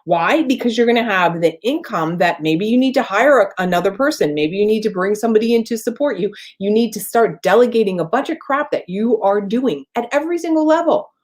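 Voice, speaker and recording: A middle-aged woman business coach giving an energetic, emphatic motivational talk to camera in a casual way. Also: fairly high pitch, brisk, hardly any pauses.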